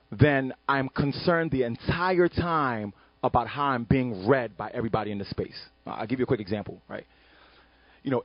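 A man speaking as an author on an education panel, animated and emphatic, often checking in with "right?". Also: fairly high pitch, husky, no room sound, muffled recording. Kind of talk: panel discussion talk.

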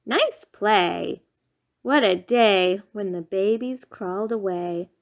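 A woman's voice: mid-range voice, takes it slowly. A woman reading a rhyming picture book aloud in a sing-song, playful bedtime storytelling manner.

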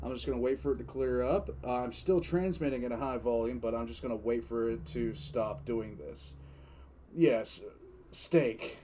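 A man's voice: mid-range voice, normal speed, warm tone, slight background noise. A man reacting live on stream, chatting casually and dropping short remarks.

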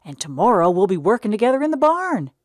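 A woman's voice: medium pitch, sing-song, fast, dry recording, studio quality, pitched above the performer's own voice, lightly acted. A woman voicing an eager, simple-minded young man on a farm, pleading and breathless as he repeats himself. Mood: hopeful.

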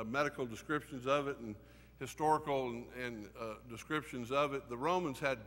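Earnest older preacher, echoing hall. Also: male voice, mid-range voice, a bit bright. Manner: earnest, emotional storytelling with many fillers. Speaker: preacher teaching a Sunday class. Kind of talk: sermon. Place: church classroom. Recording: hall reverb.

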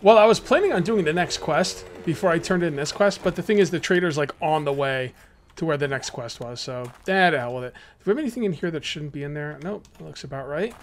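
A young adult man giving casual let's-play commentary as a gaming YouTuber, chatty and excitable, full of rambling asides. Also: on the high side, a little fast, a little hiss or hum.

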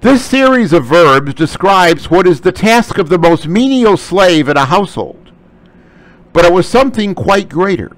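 A man's voice: sits high, no room sound, rough recording. A man teaching a scripture lecture, explaining Greek terms closely. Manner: slow, animated delivery. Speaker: Bible study teacher.

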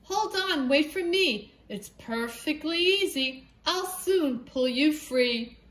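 A woman's voice: sits high, expressive, slow pace, fairly bright tone, voice pushed up, exaggerated voice. A woman voicing a confident female farm cat in a children's storybook, sounding breezy and reassuring. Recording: echoey room.

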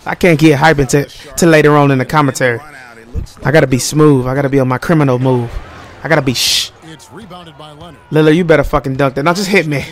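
A man's voice: a little high, steady tone, quick pace, long pauses. A young man casually commenting over his own basketball video game, trash-talking opponents and laughing between plays. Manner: playful trash talk, laughs often, rhyming banter. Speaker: gaming commentator.

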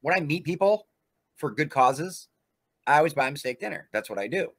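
A man's voice: fairly high pitch, lively intonation, normal speed, a bit bright. A man hosting a livestream, ranting in a profane, combative way. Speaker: livestream host.

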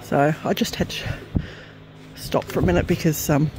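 A woman crafter filming a gift unboxing at home on a handheld camera, tearful and trembling, gushing softly with many breathy sighs. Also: deep voice, fairly even intonation, moderate pace, noisy background. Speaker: craft vlogger. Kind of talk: emotional gift-unboxing vlog. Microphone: handheld camera, shaking.

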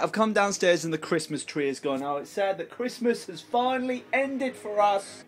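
Young male vlogger, chatty and playful, camera in hand. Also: a little high. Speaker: daily vlogger. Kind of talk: casual vlog chat.

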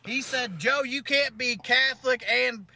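Male comic playing a smug, mocking conservative ranter; bright, sharp, high-pitched. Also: a little slow, creaky, full character voice. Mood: sarcastic rant. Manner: sarcastic, mocking rant with chuckles. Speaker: comedian. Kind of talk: parody video monologue.

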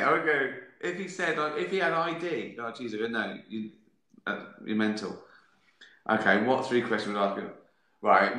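A man rambles through viewer questions in a casual live stream, sardonic and freely swearing. His voice is bright and forceful. It echoes around a roomy space at home. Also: mid-range voice. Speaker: host answering viewer questions. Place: at home, sitting with a beer.

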